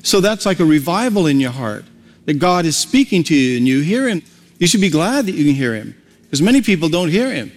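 A man's voice: fairly high pitch, very animated, fairly quick, in a large hall. A male pastor preaching a sermon in a folksy, conversational way, with homely everyday examples.

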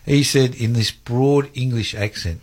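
A man's voice: medium pitch, a little slow, darkish tone. A man hosting a casual radio chat. He tells anecdotes and laughs at his own stories. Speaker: radio host.

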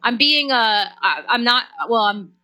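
A woman's voice: fairly high pitch, lively intonation, unhurried, a crowd in the background. A woman co-hosting a sports radio show, chatting playfully and trailing off into restarts. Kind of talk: casual sports radio chat.

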